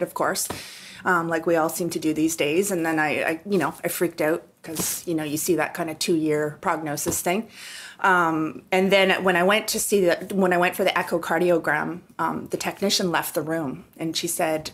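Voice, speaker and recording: A woman's voice: on the low side, normal speed, a little hiss or hum. A Canadian woman in her forties telling her own story as a podcast guest, candid and conversational. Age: 40s. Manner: candid, conversational, many restarts. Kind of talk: personal story in an interview.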